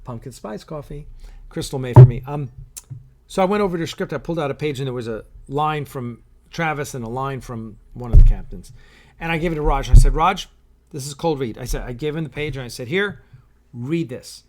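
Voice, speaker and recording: A man's voice: mid-range voice, fast talker, dark tone. Middle-aged guy rambling on a live stream, tons of ums and restarts, sipping coffee between bits. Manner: rambling, with many fillers and restarts. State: sipping coffee while talking. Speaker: show host and producer. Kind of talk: casual live-stream chat reading viewer comments.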